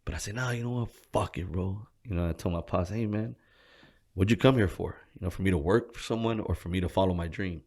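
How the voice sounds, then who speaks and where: A man's voice: fast, darkish tone. A young man telling his life story in a casual interview, swearing freely and acting out the people he quotes. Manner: swears constantly, acts out quoted people with a raised voice; laughs while telling, drops to a low murmur when reflective.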